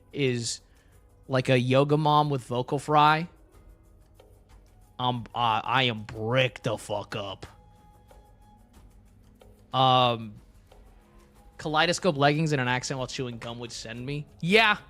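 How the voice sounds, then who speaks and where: A man's voice: fairly high pitch, a bit bright. A young man streaming live, chatting casually with his chat in a blunt, crude, rambling way.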